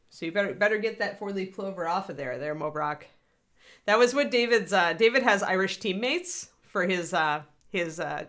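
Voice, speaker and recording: Bright-voiced woman chatting on a livestream. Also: medium pitch. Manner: chatty, rambling, answers chat. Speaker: livestream host painting miniatures. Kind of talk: casual livestream chat.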